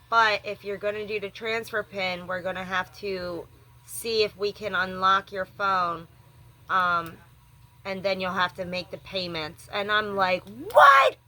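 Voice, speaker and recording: A woman's voice: mid-range voice, sharp tone. A young woman vlogging, rambling through an upset story about a phone company and acting out both sides of the calls. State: rattled and upset. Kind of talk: venting story to camera.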